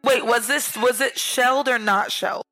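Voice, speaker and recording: A woman's voice: a little high, moderate pace, dry recording, soft background music. Woman, Central Florida accent, laughing, swearing storyteller, dry close sound. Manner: animated storyteller, laughs often, swears freely. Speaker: podcast co-host. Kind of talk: casual chat.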